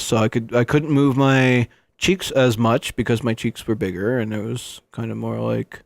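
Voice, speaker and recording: A man's voice: medium pitch, a little slow, vocal fry, no room sound. A young man streaming live, chatting casually and joking, laughing often. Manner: lively, jokey, laughs often. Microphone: good microphone.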